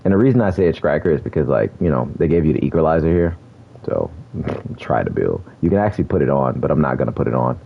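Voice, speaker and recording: A man's voice: extremely low pitch, very animated, fast, gravelly, breathy edge, narrow, tinny audio. A man giving laid-back, chatty commentary on a video game, laughing often and using slang. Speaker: gaming streamer. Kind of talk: casual gameplay commentary.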